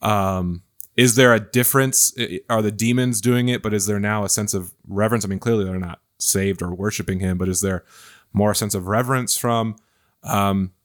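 A man's voice: fairly low pitch, steady tone, normal speed. A man hosting a Bible study discussion, thoughtful and hesitant, with many fillers and restarts. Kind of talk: casual discussion.

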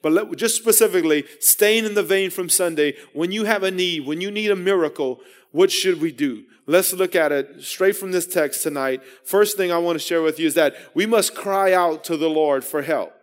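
A man's voice: sits high, moderate pace, few pauses. A man preaching a sermon in an earnest way, often repeating and restarting his phrases and building to emphatic raised passages.

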